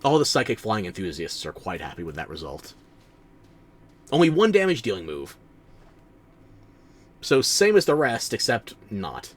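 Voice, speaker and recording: A man's voice: fairly low pitch, wildly swooping pitch, moderate pace, long pauses. A man streaming a game, tired and yawning, with sleepy sarcastic asides to the characters on screen. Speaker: streamer playing a video game. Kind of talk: casual let's-play commentary.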